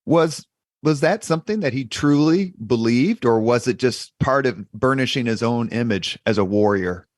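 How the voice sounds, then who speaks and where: A man's voice: mid-range voice, lively intonation, moderate pace, no room sound, studio quality. A man in his fifties hosting a podcast, asking questions with thoughtful personal lead-ins. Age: 50s. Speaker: podcast host. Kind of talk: interview questions.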